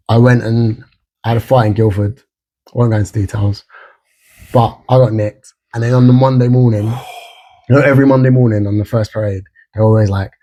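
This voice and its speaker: Mellow-voiced male podcast host. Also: mid-range voice, steady tone, normal speed. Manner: frank and casual, swears freely. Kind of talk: casual podcast interview.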